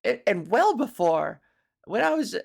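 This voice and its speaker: A woman with a touch of vocal fry hosts her own comedy podcast alone. She rambles playfully from one silly thought to the next and relishes old-fashioned, grandiose words. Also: medium pitch, big pitch swings, measured pace, a little mellow. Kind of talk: casual solo podcast monologue.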